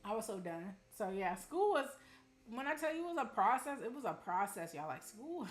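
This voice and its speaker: A young woman from Arizona chatting casually with her live-stream audience, telling animated stories and calling them y'all. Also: on the high side, a little fast. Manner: chatty, animated storytelling, addresses chat as y'all. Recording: roomy room with faint music.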